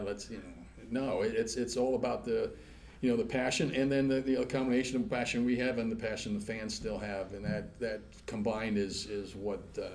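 A man, a rock musician guest, talking in a rambling, animated way with many restarts and casual swearing. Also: medium pitch, slight background noise. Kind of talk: casual interview chat.

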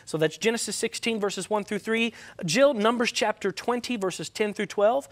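A man on a Sabbath School panel, leading a Bible study discussion in an animated, folksy, preacherly way. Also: high-pitched, moderate pace.

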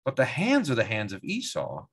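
A male pastor teaching a Bible class, reading passages aloud, then commenting in a lively, conversational way that sometimes acts out the quoted speakers. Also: mid-range voice, moderate pace, breathy edge. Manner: animated, acts out quoted lines with voices, chuckles; restarts and repeats words while thinking aloud.

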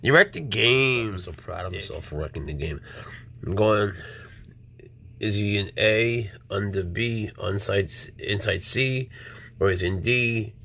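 Gravelly man chatting to his pets. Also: fairly low pitch, unhurried, a bit bright. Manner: coaxing, chatty, with muttered swearing asides. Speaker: exotic pet keeper. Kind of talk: casual chat to his pets.

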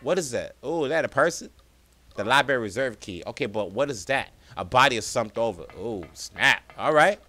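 A young man giving let's play commentary, excitable, talking to viewers as "y'all" and yelping and laughing at scares. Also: mid-range voice, normal speed. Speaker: gaming streamer.

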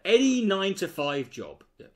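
Guy ranting sarcastically at a clip, voice jumps all over, kinda high. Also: big pitch swings, normal speed. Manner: mocking, sweary, exasperated. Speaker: commentary host. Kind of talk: sarcastic reaction commentary.

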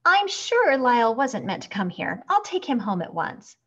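Woman putting on a flustered fussy old lady, high and jumpy, muffled sound. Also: sing-song, normal speed, fairly bright tone, slightly rough, exaggerated voice. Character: fussy anxious older lady, crocodile owner.

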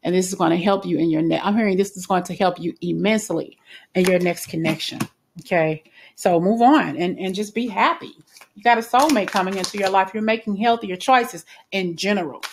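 A woman's voice: medium pitch, brisk, a little hiss or hum. A woman giving a casual spoken tarot reading in a chatty, reassuring way, with frequent fillers and restarts. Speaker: tarot reader.

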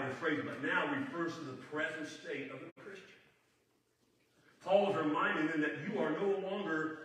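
A middle-aged man preaching a sermon as a guest speaker, telling folksy stories and swinging into loud, emphatic preaching. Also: medium pitch. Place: church sanctuary. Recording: echoey church hall from a distance with faint noise.

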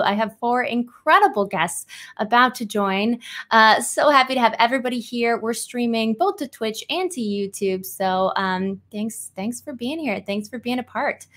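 An upbeat woman hosts and introduces the players as game master. Her voice sits a little high and she speaks enthusiastically. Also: a bit bright. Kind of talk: hosting a live role-play show.

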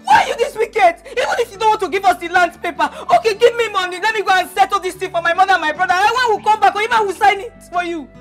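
An actress with a Nigerian accent playing a desperate young woman who pleads tearfully with her uncle and breaks into shouting. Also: very high voice, rapid-fire, few pauses, faint music behind. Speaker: desperate daughter. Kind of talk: Nollywood film drama.

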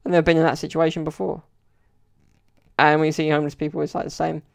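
A man's voice: fairly high pitch, flat delivery, fast talker, creaky. A young man telling stories in a casual solo podcast, rambling and chatty with lots of "like" and "you know". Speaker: podcast host.

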